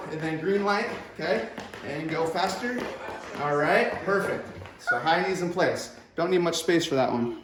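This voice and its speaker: A man leading a home workout as a fitness instructor, encouraging and quick with short praise, recorded indoors at home. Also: fairly high pitch, expressive, noisy background. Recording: echoey room, far from the mic.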